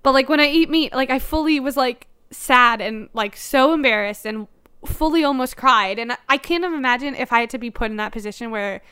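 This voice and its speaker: Bright, animated young woman chatting. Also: high-pitched, fairly quick, smooth. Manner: animated, frequent "like", laughs often. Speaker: co-host. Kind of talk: casual chat.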